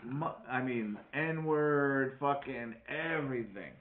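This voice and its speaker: A man's voice: mid-range voice, slow pace, a crowd in the background. A man with a light Wisconsin accent, a guest comedian telling profane, rambling stories in casual podcast chat. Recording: echoey, phone-like lo-fi.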